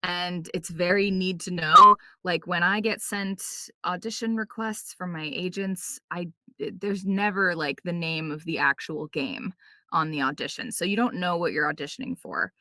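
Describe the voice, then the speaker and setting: A woman voice actor, a guest on a podcast, chatting casually and telling quick anecdotes with playful quoted asides and lots of "like" and "um". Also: lowish voice, bright, forceful tone, no room sound, clean studio sound. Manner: frequent fillers like "like" and "um".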